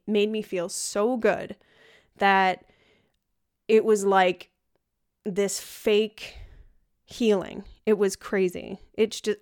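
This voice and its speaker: A woman's voice: mid-range voice, clean tone. A young woman candidly recounting her hospital stay in a personal video diary, emotional and at times tearful. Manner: candid, emotional, storytelling with quoted dialogue. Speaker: patient telling her hospital story.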